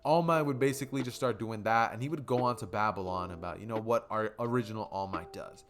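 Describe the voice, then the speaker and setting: A man's voice: fairly low pitch, quick pace. A man narrating a fan story in a casual, rambling way, with frequent fillers. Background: music.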